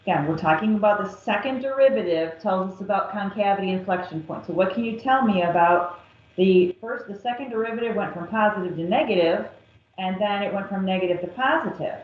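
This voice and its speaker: A woman math teacher working through a calculus problem step by step, patient and methodical. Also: mid-range voice. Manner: slow, patient, step-by-step explaining. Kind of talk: recorded calculus lesson. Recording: echoey, dull lo-fi classroom recording.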